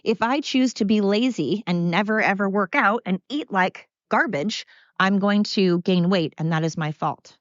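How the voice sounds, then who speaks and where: A woman's voice: medium pitch, normal speed, no room sound, lo-fi sound. An older woman hosting a solo podcast from home, ranting bluntly and sarcastically with plenty of profanity. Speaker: podcast host.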